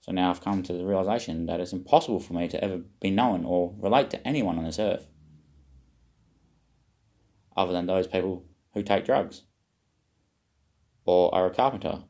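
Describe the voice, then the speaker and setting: A man with a notably low voice talks to his viewers in a wandering, circling monologue. He questions himself as he goes and drifts into spiritual musing, with casual swearing along the way. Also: normal speed, long pauses, dark tone. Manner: meandering, self-questioning, occasional swearing. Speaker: vlogger.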